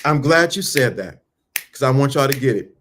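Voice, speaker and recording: With background noise behind him, a man in an expressive mid-range voice speaks at a moderate pace about mindset and dating. He preaches motivation emphatically, repeating lines, using casual slang, and asking the listener questions.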